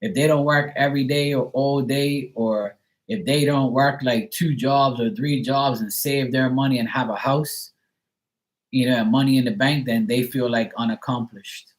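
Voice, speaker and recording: A man's voice: mid-range voice, steady tone, normal speed, rough recording. Rambling sarcastic man chatting live. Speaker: live stream host reading chat. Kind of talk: casual chat.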